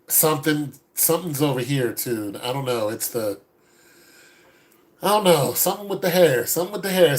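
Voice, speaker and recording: A man giving a casual, joking critique with animated, mock-preachy asides. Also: a little high. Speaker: dating and style commentator.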